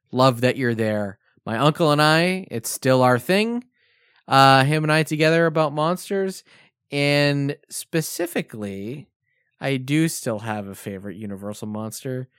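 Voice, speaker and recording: A man's voice: medium pitch, clean tone, no room sound, clean studio sound. A man co-hosting a podcast, telling a childhood story in casual chat and acting out the lines people said. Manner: animated storyteller who acts out quoted lines. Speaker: podcast co-host.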